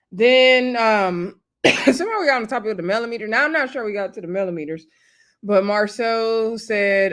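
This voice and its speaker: A woman, chatting casually and rambling as she recaps a reality show, acting out what the cast said. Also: mid-range voice. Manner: chatty and rambling, acts out quotes.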